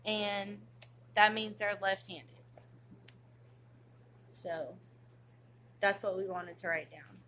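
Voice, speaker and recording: A woman's voice: mid-range voice, slow pace, long pauses, bright, forceful tone, slight background noise. A woman vlogging in a rambling, slangy, casual chat to camera.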